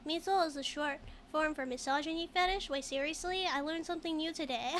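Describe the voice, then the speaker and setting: A woman's voice: sits high, a little fast, background noise. A woman streaming a game who jokes, giggles often and reads chat in casual commentary. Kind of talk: casual let's-play commentary.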